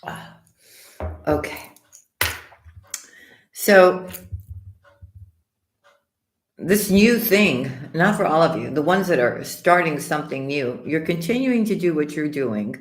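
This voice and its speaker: A woman hosting a live tarot stream, greeting viewers by name and calling them sweetheart and honey, her voice slightly hoarse with the odd cough. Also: deep voice, expressive, slow, long pauses. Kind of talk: casual live-stream chat and tarot reading. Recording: echoey room.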